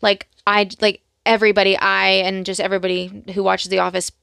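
A chatty young woman co-hosting a casual podcast, quoting favorite scenes and acting out bits of dialogue. Her voice sits at a middle pitch and sounds close and dry, with no room around it. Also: little pitch movement, brisk, vocal fry, a bit bright, clean tone, dry recording. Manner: chatty, quotes lines in bursts of mimicry, many fillers. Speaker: podcast co-host. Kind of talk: casual chat about a TV show.

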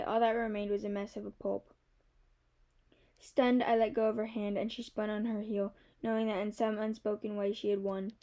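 A young woman reading a novel aloud in the first person, measured and softly expressive. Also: mid-range voice. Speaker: audiobook narrator.

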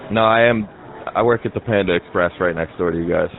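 A man doing a prank call as a confrontational male fast-food manager who swears at the person on the line. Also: deep voice, gravelly. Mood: angry. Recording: tinny, noisy phone line.

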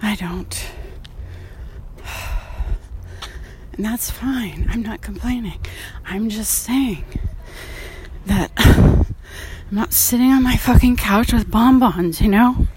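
A woman's voice: on the high side, takes it slowly, long pauses, a little mellow, slight background noise. A woman painter talking frankly while walking outdoors, sighing and swearing casually, a bit out of breath. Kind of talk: casual vlog monologue.

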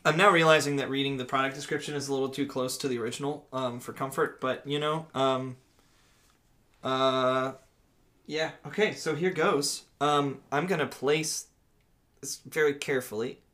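Bright-voiced rambling podcast man. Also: medium pitch, steady tone, moderate pace. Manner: rambling, lots of fillers, laughs easily. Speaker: podcast host. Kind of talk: casual podcast chat.

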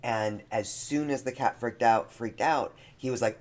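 A man's voice: medium pitch, unhurried. A man co-hosting a podcast in casual chat, speaking in an earnest, heartfelt way. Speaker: podcast co-host.

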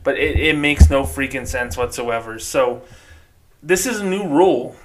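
A man from New Mexico hosts his own podcast, talking loosely and at length. He rambles, restarts his sentences and swears freely as he rants, with his voice sitting at a middle pitch. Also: normal speed. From New Mexico, United States. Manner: profane, exasperated, rambling. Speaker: podcast host. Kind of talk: casual solo podcast rant.

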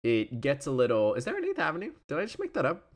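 A man's voice: medium pitch, huge pitch swings, fast talker. A young man in his twenties telling a story in a casual, rambling way, full of fillers and tangents. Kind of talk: casual chat.

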